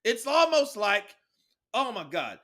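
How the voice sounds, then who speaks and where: Live from a boxing match, a man whose voice sits high gives quick, excitable, casual play-by-play of the punches, swearing freely throughout.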